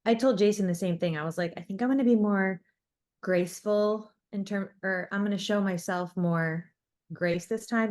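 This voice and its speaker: A young woman co-hosting a podcast, talking in an earnest, reflective way about her own experience. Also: on the low side. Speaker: podcast co-host. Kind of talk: casual chat.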